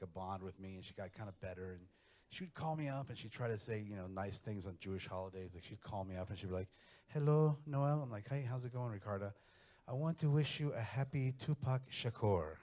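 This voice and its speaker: Brash, low-voiced male stand-up comic. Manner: brash storytelling, crude and animated. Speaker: stand-up comedian. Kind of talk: stand-up comedy set.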